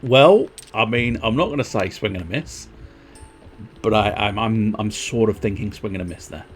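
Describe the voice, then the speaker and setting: A man's voice: lowish voice, normal speed, faint music behind. A man streaming a game, rambling and mocking himself in casual chat. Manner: rambling, self-mocking, giggly.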